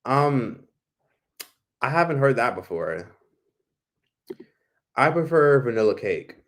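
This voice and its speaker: A man's voice: mid-range voice, sing-song, slow pace, a bit bright. Rambling man chatting on a livestream. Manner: rambling, fills talk with "like" and "literally"; acts out the voices of people he quotes. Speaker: YouTuber hosting a live Q&A. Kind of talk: casual livestream chat. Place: home.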